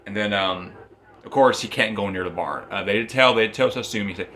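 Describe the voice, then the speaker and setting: A man's voice: on the low side, fairly quick, pushed and bright, a little hiss or hum. A man casually recapping a manga story, rambling and often repeating and restarting phrases. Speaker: manga reviewer.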